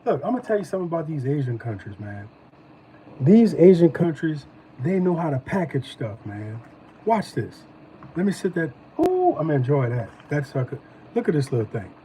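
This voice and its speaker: An animated man chats loosely and slangily while he reviews snacks on a live stream. His voice is very dark and mellow, though pitched a bit high for a man. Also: a little fast, a little hiss or hum, low-quality recording. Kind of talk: casual live-stream chat.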